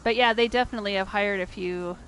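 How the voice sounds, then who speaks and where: A middle-aged American woman chatting casually on a game livestream. She laughs often and jumps to a high pitch when she is surprised. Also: fast, a bit bright, slight background noise. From United States. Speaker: game streamer.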